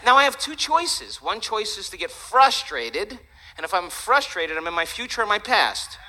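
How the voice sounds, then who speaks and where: A man giving a lively, joking talk to an audience, chatty and animated. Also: high voice, moderate pace, rough recording. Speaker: speaker.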